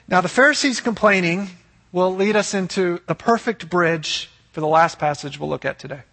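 A man preaching with a high, bright, slightly husky voice, earnest and emphatic. His sermon rings out in a large hall with a long reverb trailing each phrase. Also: moderate pace. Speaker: pastor.

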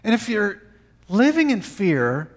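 A man preaching a sermon, swinging from emphatic lines to soft, quiet phrases. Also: sits high, big pitch swings, takes it slowly. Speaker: pastor.

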